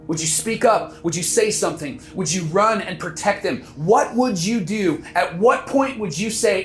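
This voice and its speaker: A man's voice: high voice, expressive, moderate pace, echoey room, faint music behind. A man pastor preaching a sermon earnestly, stirring listeners with rhetorical questions. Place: church sanctuary.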